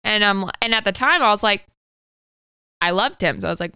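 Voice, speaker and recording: This podcast co-host, a woman in her thirties, shares a personal story openly and curses without restraint. She talks briskly in a mid-range voice that's gravelly, bright and forceful, with a clean, echo-free sound.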